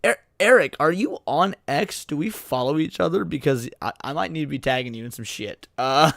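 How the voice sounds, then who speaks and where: A man's voice: on the high side, moderate pace, gravelly, fairly bright tone, no echo, studio quality. A man co-hosting a late-night stream, joking around and reading chat messages aloud with frequent stammered restarts. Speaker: VTuber co-host.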